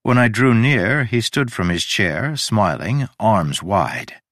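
A man narrating a story in a measured, descriptive way. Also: on the low side, animated, a bit bright, no room sound, studio quality.

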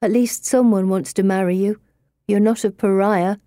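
A woman voicing a plain, beaten-down teenage girl who speaks flatly and dryly. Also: medium pitch, moderate pace, no room sound, lightly acted. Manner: flat, dry.

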